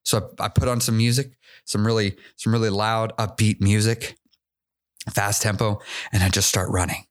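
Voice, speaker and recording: A man with a fairly low voice tells his own story as a podcast host. He talks in a candid, halting way, restarting sentences and repeating words, and now and then laughs at himself. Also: level tone. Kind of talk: personal storytelling monologue.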